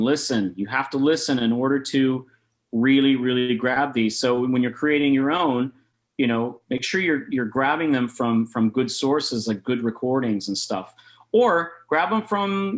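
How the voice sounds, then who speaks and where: A man giving a casual online jazz master class, talking through rhythm exercises and scatting them aloud. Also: mid-range voice. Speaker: jazz saxophone clinician. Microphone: video call.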